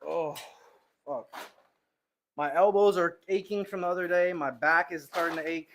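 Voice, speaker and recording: A man's voice: a little high, steady tone, normal speed, a bit bright, a little hiss or hum. A man livestreaming from his home gym, tired and winded from lifting, rambling and joking with his chat between sets.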